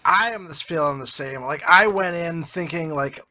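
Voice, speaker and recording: A man's voice: fairly high pitch, moderate pace, pushed and bright, no room sound. A man co-hosting a movie podcast in casual chat, looking up and reading out facts about the film. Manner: fact-checking, reads out details. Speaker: podcast co-host.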